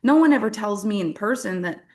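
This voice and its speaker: A woman from French-speaking Canada speaks to a workshop audience as a business coach. Her delivery is candid and animated, with self-deprecating humor and frequent laughter. She sits in a mid range of pitch for a woman. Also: a little fast. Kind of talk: motivational workshop talk.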